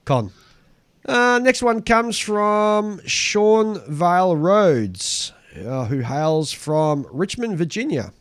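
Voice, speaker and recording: A man's voice: high voice, lively intonation, slow pace, no room sound. An Australian man co-hosting a casual hobby podcast, chatting and reading listener mail aloud with dry asides. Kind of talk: casual chat.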